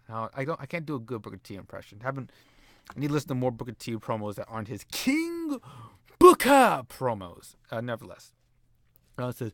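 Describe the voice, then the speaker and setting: A man narrates a wrestling management game in a casual, rambling way, often stopping to correct himself. His voice is at an ordinary pitch and sounds dry and close, with no room echo. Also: very animated, normal speed. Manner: rambling, self-correcting, playful. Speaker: game commentator. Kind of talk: casual let's-play narration.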